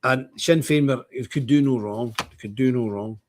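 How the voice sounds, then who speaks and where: A man with a Northern Irish accent giving rambling, blunt livestream commentary, animated and full of restarts and asides. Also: medium pitch, moderate pace, a little hiss or hum. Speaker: livestream host.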